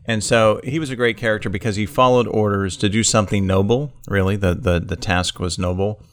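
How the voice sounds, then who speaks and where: A man co-hosting a podcast, talking in a relaxed, reflective way with playful banter. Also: on the low side, fairly quick, dry recording. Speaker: podcast co-host. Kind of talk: casual conversational podcast.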